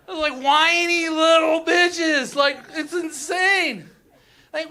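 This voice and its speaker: A man's voice: very high-pitched, fairly even intonation, slow pace, sharp tone. A young man from Colorado doing a crude stand-up comedy set on a theater stage, ranting and mimicking whiny locals.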